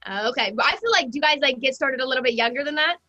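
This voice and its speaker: Guest: young American woman, bright sharp tone, chatty and gushing. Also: high voice, animated, very fast, dull audio. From United States. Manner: bubbly, lots of "like". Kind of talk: casual chat.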